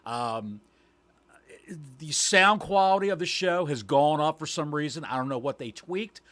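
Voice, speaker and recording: A man's voice: fairly high pitch, animated, unhurried, a bit bright, dry recording. A man co-hosting a wrestling podcast, cracking sarcastic, mocking jokes. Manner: sarcastic, mocking, joking interjections. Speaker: podcast co-host. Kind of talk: casual wrestling talk.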